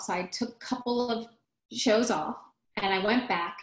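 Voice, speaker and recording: A musical theater actress from the United States, appearing as a guest in a casual interview, tells the story of her career. Her voice is fairly high and her pace normal, and she animatedly acts out quotes and often restarts her sentences. The audio is poor and reverberant.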